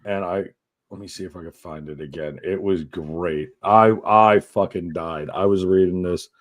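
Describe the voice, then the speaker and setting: A man co-hosting a podcast, reading odd news stories aloud in a profane, animated way. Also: deep voice, moderate pace. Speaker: podcast co-host.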